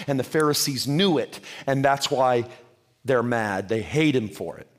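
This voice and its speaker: A man's voice: on the high side, moderate pace. A man preaching a sermon with fervent, rhythmic delivery, addressing his listeners as friends.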